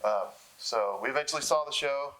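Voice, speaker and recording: A young man telling stories in a casual interview, laughing often and getting excited. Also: mid-range voice, brisk, rough recording. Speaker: interview guest. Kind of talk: casual storytelling.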